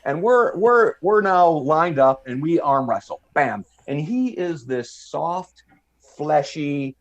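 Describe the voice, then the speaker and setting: A fiftyish American man with a slightly high voice takes his time telling a long story from his army service as a guest on a podcast. He's an animated storyteller who imitates others' voices during the casual interview, and the audio sounds dull.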